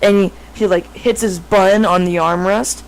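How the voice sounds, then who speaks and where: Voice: medium pitch, steady tone, moderate pace, poor audio. A speaker telling a made-up story in a casual, improvised way, rambling with lots of fillers and frequent self-corrections.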